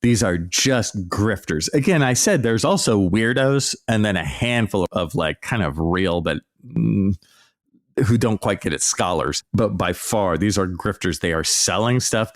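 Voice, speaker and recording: A man hosting a podcast as an archaeology professor, ranting in a sarcastic, mocking, animated way. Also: low voice, dry recording, studio quality. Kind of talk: casual ranting commentary.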